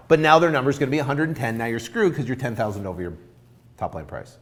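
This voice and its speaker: Animated man coaching on deals. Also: medium pitch, fast talker. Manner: animated, acts out both sides of a deal. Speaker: real estate investing coach. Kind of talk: informal coaching talk.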